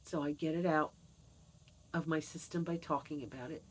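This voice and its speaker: A woman in her fifties with a somewhat low voice speaks candidly and earnestly to her vlog audience. She drops in dry, wry asides between heavier thoughts. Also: steady tone, normal speed, husky, poor audio. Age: 50s. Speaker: vlogger. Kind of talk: personal confessional vlog.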